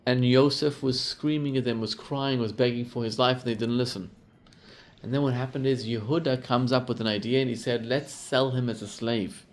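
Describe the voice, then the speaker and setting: A man, a rabbi giving a storytelling sermon who acts out the quotes with lively rises in pitch and volume. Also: a little fast.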